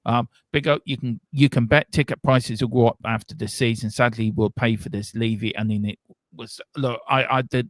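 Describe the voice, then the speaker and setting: A man co-hosting a casual fan live stream, reading viewer comments aloud with quick asides. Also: medium pitch, steady tone, dry recording. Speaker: fan show co-host.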